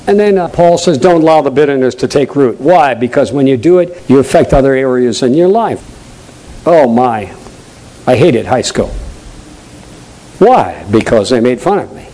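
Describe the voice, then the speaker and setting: A man with a New England accent preaching a sermon, stressing points loudly, dropping into low asides and putting questions straight to the congregation. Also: expressive, normal speed, poor audio. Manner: emphatic preaching, swinging between loud high stresses and low quiet asides; draws the congregation in with direct questions.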